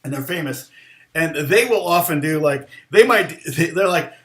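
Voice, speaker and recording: A man talks through a songwriting lesson in a slightly high voice, rambling and restarting his sentences. He sometimes softly sings a lyric line to show his point. The sound is roomy and echoey. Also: lively intonation. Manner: rambling, halting, many restarts and fillers. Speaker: guitar teacher. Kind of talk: casual livestream lesson.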